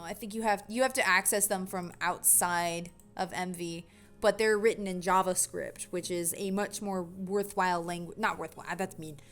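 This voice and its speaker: A young woman chatting casually while building a game on a livestream, talking to her chat, often correcting herself and brightening with sudden excitement. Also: mid-range voice. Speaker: game dev streamer.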